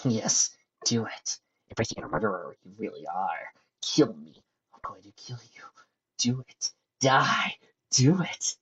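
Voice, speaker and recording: A man's voice: on the low side, sing-song, measured pace, a bit bright, husky, full character voice, rough recording. A man reading as a sneering mad scientist. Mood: gloating. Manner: sneering, gleeful menace. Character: cruel gloating male mad scientist pony.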